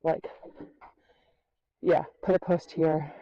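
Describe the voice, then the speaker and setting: Woman, outdoor vlogger, winded, chatty and self-mocking; mellow, dry close sound. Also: sits low, level tone, slow pace, no echo, lo-fi sound. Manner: chatty, self-deprecating, laughing. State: out of breath. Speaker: horse trainer vlogger. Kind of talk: casual outdoor vlog walkthrough. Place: outdoors at a horse paddock.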